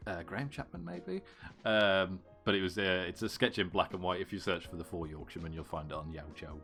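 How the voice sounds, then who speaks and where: A man from the UK co-hosting a podcast in casual chat, with a dry manner, his sentences trailing off quietly. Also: low-pitched, brisk, creaky, faint music behind. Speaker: podcast co-host.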